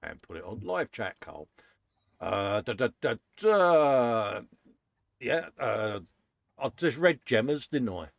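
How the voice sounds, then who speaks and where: A man's voice: mid-range voice, very animated, slow pace, gravelly, dry recording. An English man hosting a casual live chat from his workshop, laughing often and calling everyone "mate". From England. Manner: chatty, laughs often, says "mate" a lot. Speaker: host.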